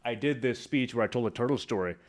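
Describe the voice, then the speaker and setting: A man teaching public speaking, talking to camera with lively swings between high energy and quiet, hushed moments. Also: fast. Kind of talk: instructional talk to camera.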